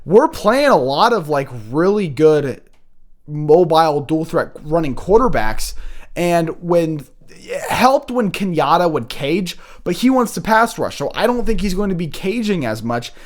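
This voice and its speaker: A young man talks through college football analysis in a loose, unscripted way, often stopping to restart or correct himself mid-sentence. His voice sits a little higher than most men's. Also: very animated, unhurried. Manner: rambling, frequent restarts and self-corrections. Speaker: college football show host. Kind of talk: casual sports analysis.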